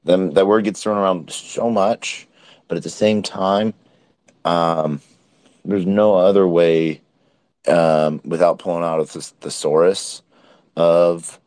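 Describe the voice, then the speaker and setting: A man's voice: low voice, slow, dry recording. A man hosting a casual nightly recap show, tired and a bit hiccupy, rambling with lots of ums and likes. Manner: relaxed, rambling with many fillers. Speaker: host. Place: Miami, at a conference event.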